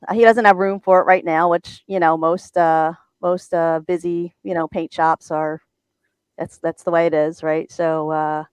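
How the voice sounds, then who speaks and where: A woman's voice: low-pitched, little pitch movement, moderate pace, smooth, dry recording. A woman on a talk show as a guest from a race team, telling a story and often stammering and repeating words.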